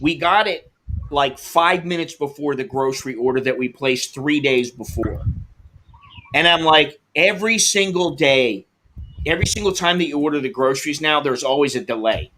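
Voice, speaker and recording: A man's voice: a little high, expressive, moderate pace, pushed and bright, slight background noise. A man hosting a livestream, telling a frustrating delivery story and reading comments, swearing and acting out both sides of the calls. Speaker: livestream host.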